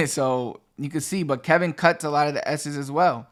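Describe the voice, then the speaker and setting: A man's voice: on the high side, normal speed, hardly any pauses. A man with a Caribbean Spanish accent, Puerto Rican with a Dominican cadence, giving a casual, chatty language lesson that switches between English and Spanish to demonstrate pronunciation. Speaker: Spanish teacher.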